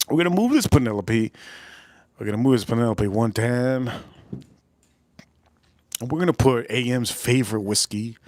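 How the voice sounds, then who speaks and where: A man's voice: mid-range voice, darkish tone, no room sound, studio quality. Rambling joking male live streamer. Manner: rambling, joking, crude, talks to chat. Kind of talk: casual live stream chat.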